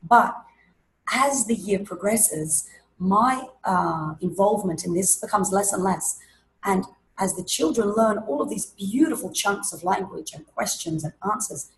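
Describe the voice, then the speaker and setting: A woman teacher trainer presents an online webinar through a computer microphone. She explains classroom activities and acts them out with lively, playful energy. Her voice sits at a medium pitch, with a faint hiss behind it. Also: a little slow, rough recording.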